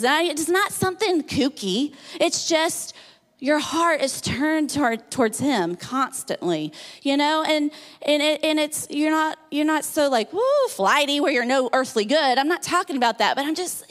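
A woman with a high voice gives a conversational sermon, talking in an animated, chatty way with lots of fillers. Her voice carries a long reverb from the hall she speaks in. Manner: chatty and animated, many fillers like "like" and "you know". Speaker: guest speaker.

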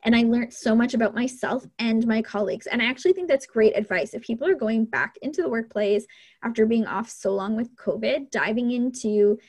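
Bubbly lady podcast host, kinda husky, laughs a lot. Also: a little high, a little fast, a little mellow. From Canada. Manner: upbeat, outgoing, laughs often. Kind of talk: interview chat.

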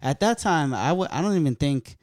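A man's voice: a little high, fairly quick, dry recording, studio quality. A man from California, a stand-up comedian, telling loose, profane stories in casual chat. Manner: loose, profane, animated storytelling.

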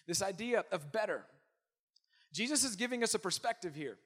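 A man preaching a sermon as pastor, emphatic, swinging from loud declarations to hushed asides. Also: high voice, animated, moderate pace, breathy edge.

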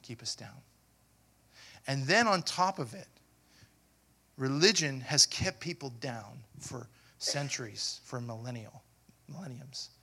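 A man preaching a sermon as pastor, asking the congregation questions and building to loud, emphatic passages. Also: mid-range voice, expressive, slow pace, vocal fry, pauses often, slightly rough.

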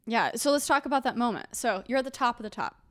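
A woman's voice: fairly high pitch, animated, fast talker, no room sound. A woman hosting an interview, asking encouraging follow-up questions in a reflective, conversational way.

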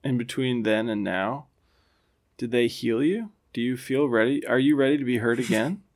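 Male podcast co-host, gravelly voice, dry teasing delivery. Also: medium pitch, moderate pace. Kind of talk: casual chat.

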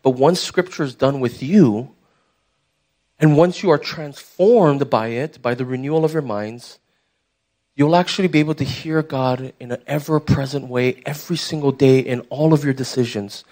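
A man's voice: medium pitch, normal speed, a little mellow. A young man preaching a sermon as pastor, conversational and emphatic, putting direct questions to the church.

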